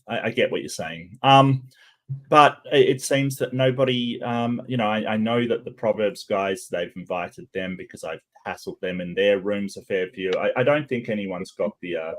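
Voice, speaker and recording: A man's voice: fairly low pitch, moderate pace, fairly bright tone. A man with an English accent, hosting a casual group chat in a rambling, conversational way. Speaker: host.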